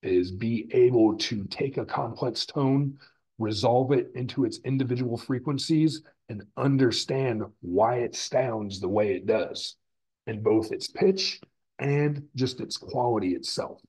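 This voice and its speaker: Speaking a little slowly, this man has a husky, darkish mid-range voice, captured in a low-quality recording. His classroom lecture on the physics of sound explains things stepwise, with terms repeated and reworded along the way.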